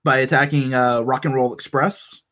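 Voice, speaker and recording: Relaxed man recapping with amused asides. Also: medium pitch, moderate pace. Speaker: podcast co-host. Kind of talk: casual chat.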